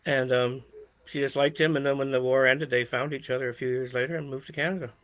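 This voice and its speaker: A man's voice: medium pitch, fairly even intonation, fast talker, fairly bright tone. A man in casual chat with friends, telling a rambling story with lots of fillers. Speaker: show co-host.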